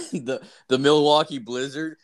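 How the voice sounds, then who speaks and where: A man's voice: medium pitch, steady tone, measured pace. A young man co-hosting a podcast, telling rambling crude stories full of "like" and swearing. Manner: rambling storyteller, many "like"s, swears freely. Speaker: podcast co-host. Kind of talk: crude casual podcast banter.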